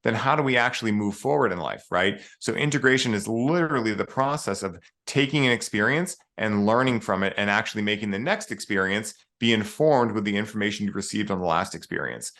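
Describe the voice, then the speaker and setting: A man's voice: fairly low pitch, animated, brisk, hardly any pauses, fairly bright tone. A man speaking as a podcast guest in casual conversation, earnest and spiritual, with the odd swear word.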